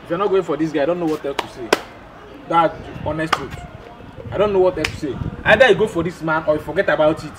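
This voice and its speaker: A man's voice: fairly high pitch, fast, background noise. A man playing an exasperated matchmaker who keeps pleading in a comedy skit. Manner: pleading and exasperated, repeats himself.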